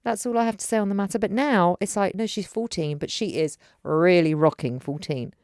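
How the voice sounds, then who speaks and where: A woman in her forties, co-hosting a podcast and telling family stories in animated casual chat. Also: fairly low pitch, fairly quick, no room sound, studio quality. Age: 40s. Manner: animated storytelling, acts out quotes. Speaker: podcast co-host.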